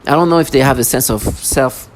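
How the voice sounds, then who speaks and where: A man's voice: medium pitch, fast talker. Agitated ranting man, noisy recording. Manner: agitated, ranting, stammering restarts. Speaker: vlogger. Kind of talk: angry monologue.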